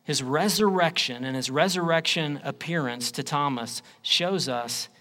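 A preacher man delivers his sermon at an unhurried, deliberate pace, his voice sitting a little high for a man. He leans hard on key phrases, then drops to something low and quiet. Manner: emphatic preaching, swings between loud declarations and low quiet phrases. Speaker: pastor.

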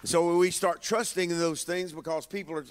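A man preaching as a bishop, with emphatic call-and-response phrasing and drawn-out lines. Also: on the high side, steady tone, long reverb tail, a little hiss or hum. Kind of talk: sermon. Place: church sanctuary with congregation.

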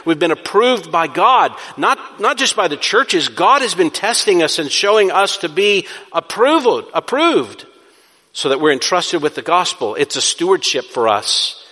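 A male pastor delivers a sermon in an emphatic style, posing questions to his congregation and answering them himself. His voice is bright and a little high for a man. It rings out with a long reverb in a church sanctuary. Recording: reverberant hall.

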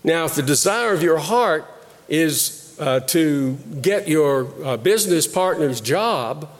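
A man delivers a sermon at a slow, measured pace, pausing often and going back over his words. His voice sits a bit high for a man. The sound carries a long reverberant tail, like a large hall. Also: animated. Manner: slow, deliberate preaching with pauses and repeated phrases. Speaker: pastor.

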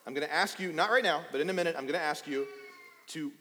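A man's voice: fairly high pitch, quick pace, bright, forceful tone. Playful pastor in his thirties, reverberant hall. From East Texas. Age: 30s. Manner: playful and chatty, addressing children. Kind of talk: sermon. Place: church sanctuary.

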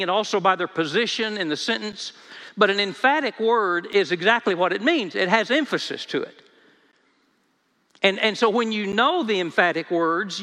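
A man's voice: high voice, pushed and bright. A man preaching a sermon as pastor, earnest, often repeating his first words as he starts a sentence. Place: church sanctuary. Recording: long hall reverb.

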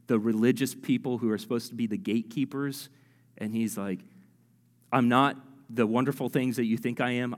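Male pastor preaching in a reverberant church. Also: medium pitch. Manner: conversational, animated, self-deprecating, with many fillers. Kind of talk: sermon.

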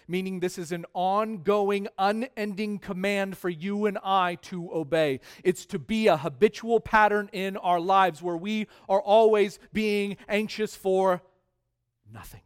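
A man preaching a sermon as pastor, stressing key words by repeating them and swinging between quiet drops and loud rises. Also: high-pitched, smooth.

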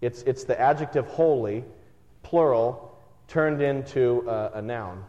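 A man in his thirties preaching a sermon in a conversational, animated way, with self-deprecating humor. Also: mid-range voice, unhurried. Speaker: pastor. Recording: muffled sound from a reverberant hall.

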